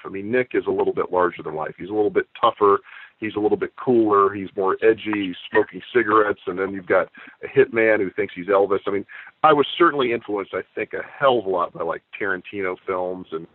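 A man's voice: fairly low pitch, no room sound. A man, an author, chatting as an interview guest and spinning expansive anecdotes over a remote call. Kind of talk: casual interview chat. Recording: tinny phone-line audio, dry.

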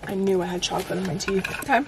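A chatty young woman talks to her camera at home, excitable and full of fillers. Her voice has a gravelly, fried edge. The room rings with echo, with a faint hiss behind. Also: medium pitch, quick pace. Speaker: vlogger. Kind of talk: casual vlog chat.

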